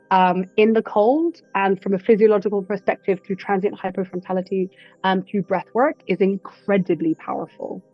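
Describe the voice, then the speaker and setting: Animated woman breathwork instructor, dull dry sound. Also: medium pitch, no room sound. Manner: animated storyteller who acts out quotes. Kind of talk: casual interview chat.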